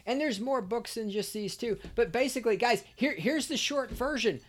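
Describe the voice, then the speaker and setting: A man hosting a solo podcast, ranting angrily with constant swearing and sometimes shouting. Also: extremely high pitch, lively intonation, moderate pace. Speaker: podcast host.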